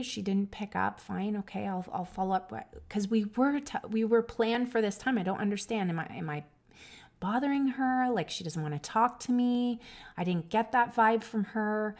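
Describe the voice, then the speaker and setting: A woman hosting a podcast, telling a personal story in an earnest, emotional way, with many restarts and asides to her listeners. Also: mid-range voice. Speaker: podcast host.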